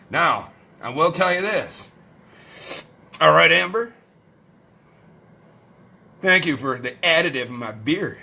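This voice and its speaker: A foul-mouthed man chats loosely on a late-night live stream, joking and a little tipsy from beer. His voice sits high and swoops widely. He takes his time and sounds bright and forceful. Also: lively intonation, slow pace, gravelly, long pauses. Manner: rowdy, profane, joking.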